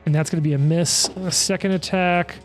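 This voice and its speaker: A man running a tabletop game as game master, calling attacks and damage in a quick, auctioneer-like play-by-play. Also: a little high, steady tone, faint music behind.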